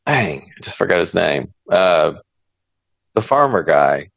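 A man's voice: sits low, very animated, measured pace, gravelly, dry recording. A man who is a therapist co-hosting a podcast, chatting casually and joking, often trailing off mid-sentence. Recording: dull, dry lo-fi sound.

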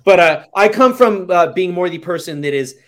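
A man with a slightly raised pitch hosts an easygoing podcast conversation. He speaks frankly, with the odd casual swear word. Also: lively intonation, moderate pace. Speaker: podcast host. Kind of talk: casual chat.

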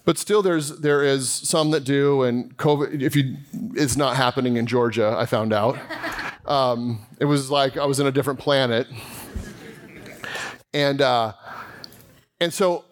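A man's voice: mid-range voice, a little slow, pauses often. A male pastor preaching a sermon, telling a story in a chatty, self-deprecating way with laughs. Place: church.

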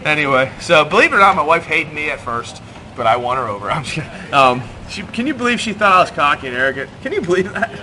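Preaching to his congregation in a church hall, this middle-aged pastor keeps his sermon light with jokes at his own expense. He speaks quickly in a slightly high, sharp-toned voice whose pitch swings widely. A faint hiss or hum runs underneath.

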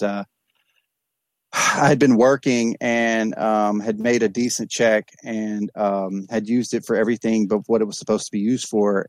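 A low-pitched man talks about his own recovery and his counseling work. His delivery is earnest and reflective, with frequent restarts and stammered repeats. The recording is dry, with no room sound. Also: darkish tone, no echo. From East Texas. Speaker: addiction counselor and guest. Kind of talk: candid podcast conversation.

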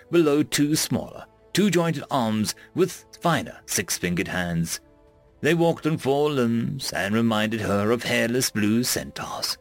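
Expressive male storyteller, faint music behind. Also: medium pitch. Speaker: narrator. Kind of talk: storybook narration.

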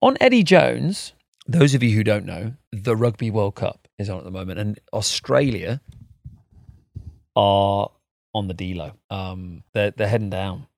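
Chatty podcast host. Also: male voice, lowish voice, animated, unhurried, gravelly, darkish tone, no room sound, studio quality. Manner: chatty, laughs often, jokey banter. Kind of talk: casual chat and guided breathing.

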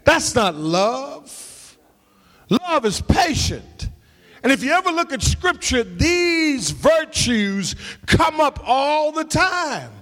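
High-voiced preaching pastor in a hall. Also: male voice, sing-song, slow. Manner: call-and-response preaching, shouting and half-singing. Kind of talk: sermon. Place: church sanctuary.

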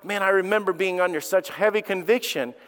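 A middle-aged man, a pastor, preaching a sermon and telling a personal story in an earnest way that rises to loud, emphatic peaks. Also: sits high, fairly quick. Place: church sanctuary. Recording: long reverb of a large hall.

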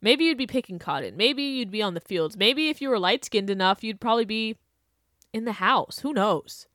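This young woman's voice is fairly high, expressive and a bit bright, at normal speed on a dry, clean studio recording. Hosting her own show, she gives a casual, sarcastic opinion rant punctuated by frequent laughter and exaggerated outbursts.

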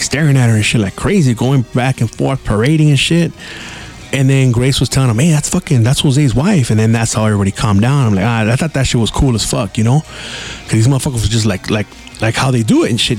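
A man's voice: mid-range voice, darkish tone. A man hosting a podcast, telling stories in a casual solo style, swearing freely and dropping Spanish words into his talk. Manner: profane, slangy, drops Spanish words. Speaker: podcast host.

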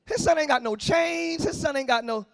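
High-voiced shouting preacher man. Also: moderate pace, gravelly, dry recording. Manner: shouting, sing-song preaching with call-and-response. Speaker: pastor. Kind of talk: sermon. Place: church service, before a congregation.

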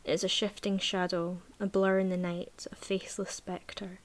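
A woman reading a novel aloud in a measured, even voice, then chatting casually about the book. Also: mid-range voice. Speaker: book reviewer.

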